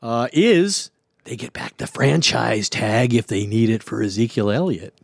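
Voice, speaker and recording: A man co-hosting a sports podcast as a reporter, speaking in a measured, informed way and adding inside details. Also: medium pitch, gravelly, no echo, studio quality. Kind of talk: casual sports podcast chat.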